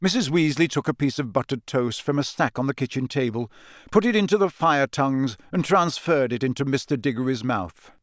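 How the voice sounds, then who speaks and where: A man reading a story aloud as audiobook narrator in steady storytelling. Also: mid-range voice, a little fast, no room sound, studio quality. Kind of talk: scripted narration.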